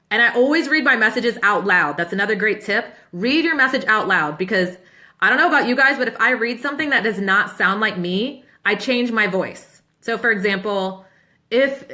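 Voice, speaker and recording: A woman in her thirties, a business coach answering questions in a casual live Q&A, chatty and upbeat and quick to laugh. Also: medium pitch, pushed and bright. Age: 30s.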